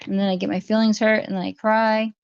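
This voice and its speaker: A woman's voice: medium pitch, little pitch movement, fast, clear, resonant tone. A woman hosting a casual livestream, talking through her viewers' chat comments one by one. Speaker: livestream host. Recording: dry, dull lo-fi stream audio.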